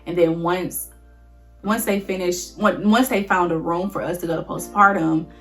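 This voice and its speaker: A woman's voice: fairly low pitch, fairly even intonation, moderate pace, fairly bright tone, faint music behind. A young woman vlogger casually telling a personal story to her viewers, chatty and emotional, often addressing them as y'all.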